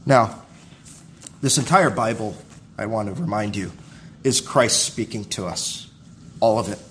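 A man's voice: fairly low pitch, unhurried, slight background noise. A man preaching a sermon as a pastor, stressing points by repeating phrases and building to emphatic rises.

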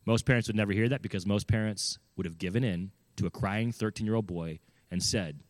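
A man's voice: on the low side, a little fast, no room sound. A man telling a personal story in an earnest, emphatic way, often asking his listeners questions. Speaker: speaker giving parenting advice. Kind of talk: storytelling talk.

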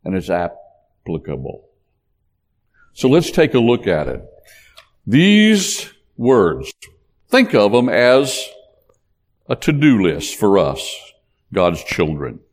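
Slow, expressive preacher in a reverberant hall. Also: male voice, on the low side. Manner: emphatic, preacherly cadence that rises on key points. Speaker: pastor. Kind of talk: sermon.

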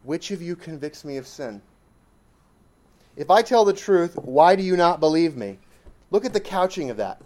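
A man's voice: a little high, lively intonation, moderate pace, long pauses, a little mellow. A man preaching a sermon, emphatic and repetitive, pressing points with rising exclamations.

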